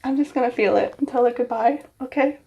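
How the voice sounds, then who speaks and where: A woman's voice: on the high side, brisk, dark tone. A young woman hairstylist talking to her phone in her bathroom, nervous and giggly as she chats to herself. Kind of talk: casual vlog self-talk. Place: bathroom at home.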